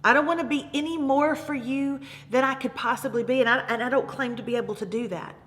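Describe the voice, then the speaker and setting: A woman's voice: high-pitched, a little fast, fairly bright tone, in a large hall, a little hiss or hum. Emphatic woman giving a faith talk. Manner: emphatic and repetitive, calls listeners "baby". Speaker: Bible study teacher. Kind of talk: faith-based motivational talk.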